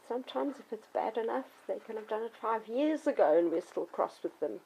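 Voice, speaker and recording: A woman's voice: on the high side, expressive, a little fast, dark tone, a little hiss or hum, rough recording. A middle-aged woman and dog trainer patiently explaining to children and parents how to handle a puppy. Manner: clear, patient explaining, acts out yelps and children's voices. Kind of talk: instructional talk to children and parents.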